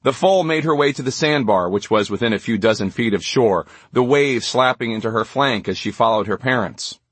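Male narrator, measured delivery, husky voice, dry recording. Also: mid-range voice, no echo. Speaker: audiobook narrator. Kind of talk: scripted narration.

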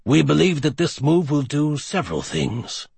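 A man voicing a calm, scheming male villain leader in an audiobook, speaking low, quiet and measured. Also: creaky, husky, no room sound, full character voice. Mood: lecturing.

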